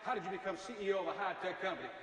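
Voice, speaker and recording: A man's voice: sits high, racing, background noise. A middle-aged man giving a motivational speech, telling stories with jokes. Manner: energetic storytelling with jokes. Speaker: motivational speaker. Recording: echoey hall from far off.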